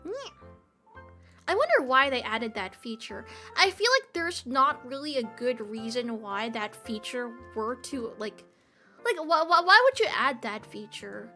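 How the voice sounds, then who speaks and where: A woman's voice: fairly high pitch, sing-song, a little slow, bright, forceful tone, soft background music. A young woman chatting casually on a livestream, giggly, rambling and playfully dramatic. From Australia. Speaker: streamer.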